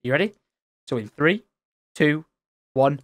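A man commentating his Minecraft let's play, excitable and loud at surprises. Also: on the high side, measured pace, no echo. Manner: excitable, shouts and squeals at surprises. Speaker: gaming channel host.

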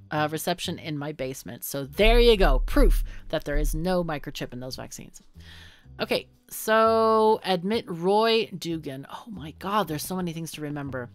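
Lively-voiced woman gaming host. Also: on the low side, no echo. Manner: chatty, wry, thinks aloud. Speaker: let's play host. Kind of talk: casual gameplay commentary.

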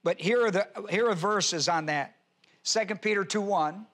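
A male pastor teaching a sermon verse by verse, reading scripture aloud and slowing down to stress key words. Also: high-pitched, fairly bright tone. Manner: reads scripture aloud and spells out Greek words. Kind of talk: expository Bible teaching sermon.

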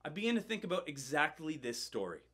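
Pastor telling a story, higher voice. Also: male voice, quick pace. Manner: animated, building tension, frequent word repeats. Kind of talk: sermon storytelling.

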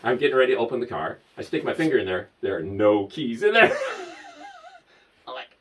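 A man telling lively stories to camera, laughing often and breaking into high squeals. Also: fast, distant mic, rough recording. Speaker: vlogger. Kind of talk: casual storytelling to camera.

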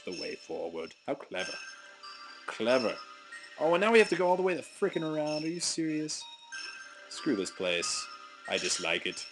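Goofy young man rambling over game music. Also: medium pitch. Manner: goofy, rambling, self-mocking. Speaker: let's play host. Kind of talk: gameplay commentary. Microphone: desk mic at a computer.

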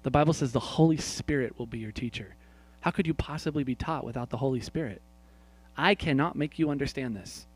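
Preaching man, hushed then forceful. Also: mid-range voice, a little fast, husky. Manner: swings from quiet, hushed prayer lines to loud emphatic points; asks the congregation questions and speaks to people by name. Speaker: pastor. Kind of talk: sermon.

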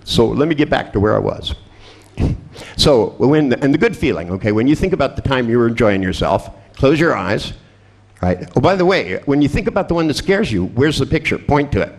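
Male seminar trainer, wildly expressive pitch, irreverent and foul-mouthed, coaching a volunteer live. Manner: irreverent, profane, joking; animated, coaching with quick instructions. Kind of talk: live workshop demonstration with a volunteer.

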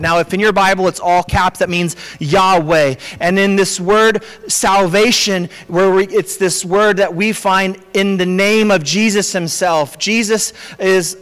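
Preaching with earnest conviction, a pastor sometimes starts sentences over and fills his pauses. His high voice is steady, clear, resonant and a bit bright, echoing with a long reverb tail across the church sanctuary.

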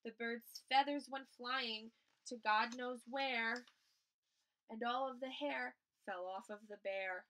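A woman's voice: a little high, steady tone, slow, sharp tone, a little hiss or hum, poor audio. A woman teacher reading a children's picture book aloud, expressively acting out the animals. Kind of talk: children's story read-aloud.

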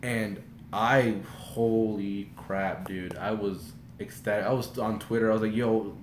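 Young guy doing a storytime, rambly and excitable, lots of yelps, echoey room. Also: lowish voice, a little slow. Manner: breathless, swings into loud shrieks when reenacting. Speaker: vlogger. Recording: echoey room with faint noise.

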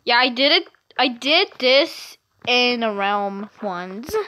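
A woman casually narrating her own video game play, chatty and excitable, rambling with lots of fillers, recorded at home. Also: on the high side, takes it slowly. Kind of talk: casual gameplay commentary.

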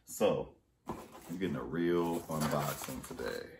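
A man vlogging a casual storytime and unboxing, animated, jumping between loud exclamations and muttered asides. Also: rumbling low, measured pace, vocal fry, echoey room, background noise. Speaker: fashion haul vlogger.

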